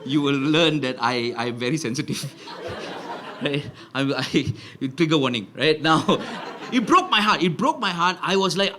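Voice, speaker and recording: A male stand-up comedian, telling stories in an animated, punchy way and tagging lines with "right?". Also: a little high, moderate pace, slight background noise. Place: live comedy venue with audience laughter.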